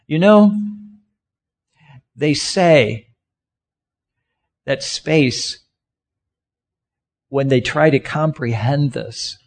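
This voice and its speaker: A man preaching a sermon as a pastor, asking the congregation questions and having them act out hand gestures as he talks. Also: on the high side. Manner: conversational, asks the congregation questions; has listeners act out gestures with their hands.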